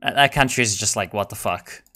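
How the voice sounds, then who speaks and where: Brief: young male gamer, bright and forceful tone, swears a lot, casual rambling play commentary. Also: on the low side, a little fast, vocal fry. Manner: swears a lot, excitable, jokey; muses aloud with frequent fillers and laughs. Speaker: gamer playing a strategy game.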